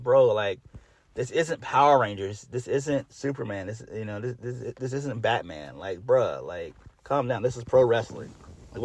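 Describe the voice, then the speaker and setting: A man giving a casual solo review of a wrestling show, blunt and exasperated, swearing freely and trailing off into fillers. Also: mid-range voice.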